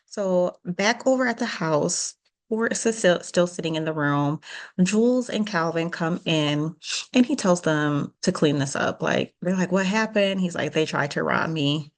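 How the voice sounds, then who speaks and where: A woman's voice: lowish voice, measured pace. A woman co-hosting a podcast, casually recapping a TV episode and acting out the characters' lines. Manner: animated retelling with quoted voices. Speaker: podcast co-host.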